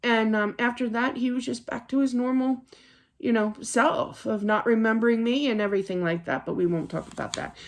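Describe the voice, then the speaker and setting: Another casual card reading to camera comes from a woman psychic at her home office desk, her voice fairly high-pitched and brisk. Her chatty, rambling talk keeps restarting and is packed with fillers.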